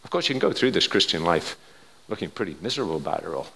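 Older preacher in a reverberant hall. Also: male voice, deep voice, big pitch swings, very fast. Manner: conversational storytelling, dropping to quiet then rising to emphatic. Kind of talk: sermon.

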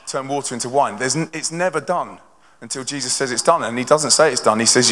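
A man's voice: medium pitch, quick pace. Young man telling stories in a reverberant hall. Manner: energetic, conversational storytelling with many restarts. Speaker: touring Christian band member speaking to a congregation. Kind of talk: live testimony talk to an audience. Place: church hall with a live audience. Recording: long hall reverb from a large venue.

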